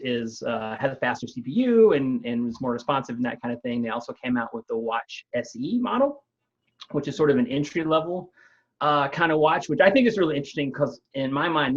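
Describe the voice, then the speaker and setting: A man, a company's technical chief, explaining new gadgets in a relaxed conversational way, with frequent fillers and restarts. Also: mid-range voice, highs cut off. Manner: thoughtful, many fillers and restarts. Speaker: company CTO explaining tech news.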